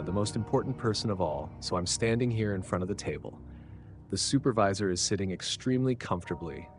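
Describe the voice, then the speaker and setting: Audiobook lead: a flustered, insistent clerk, played by a deep-voiced male reader, soft music beneath. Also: close to an everyday voice. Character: earnest, bewildered arrested bank clerk, a man.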